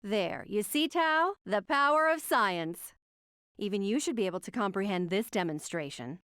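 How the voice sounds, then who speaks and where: An arrogant, sharp-tongued female scientist lectures with condescending sarcasm, voiced by a woman reading a game. Her voice sits mid-pitch and sounds close and dry. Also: expressive, normal speed, clear, resonant tone, no echo, natural voice. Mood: smug.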